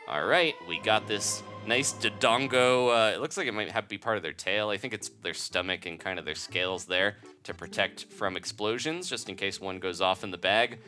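A man giving casual, jokey commentary over a game playthrough as the video's host, chatty and quick to laugh. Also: lowish voice, bright, forceful tone, soft background music.

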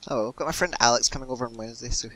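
A man chats casually while playing a game. He jokes around and gets excitable at times. His voice sits in an ordinary middle pitch. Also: very fast. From Scotland. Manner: chatty, joking, excitable. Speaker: gamer. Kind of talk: casual let's-play chat.

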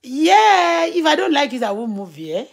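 A woman's voice: high voice, big pitch swings, normal speed, gravelly. A woman in her thirties with a Nigerian Yoruba accent, chatting casually on a live stream, laughing often and reading viewer comments aloud. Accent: Nigerian, Yoruba-speaking.

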